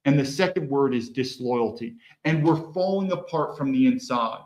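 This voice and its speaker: Emphatic, lively-voiced man commentator. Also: medium pitch, normal speed, rough recording. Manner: emphatic, repeats words, rhetorical questions. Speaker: political commentator. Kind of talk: opinionated monologue.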